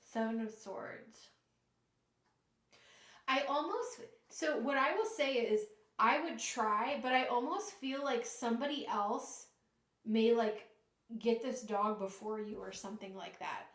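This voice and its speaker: A woman giving a live tarot reading, earnest and emotional, often halting and restarting. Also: on the high side, fairly bright tone, reverberant. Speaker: tarot reader.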